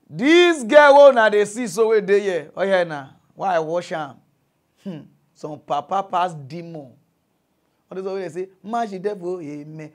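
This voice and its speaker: High-voiced Nigerian man ranting comically. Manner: loud, mocking, swings between shouting and muttering. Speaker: comedic mock news host. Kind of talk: comic rant in Pidgin.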